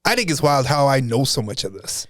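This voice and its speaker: A man co-hosting a podcast, bantering in an animated, self-deprecating way. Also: medium pitch, a little fast, no echo, studio quality. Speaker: podcast co-host. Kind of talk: casual chat.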